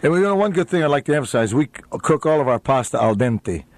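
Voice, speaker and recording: Restaurant owner guy on the radio, rambly, lots of uhs, middle pitch, dry mic. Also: expressive, fast talker, no echo. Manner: rambling, many uhs, warm laughs, restarts. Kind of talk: casual radio interview chat.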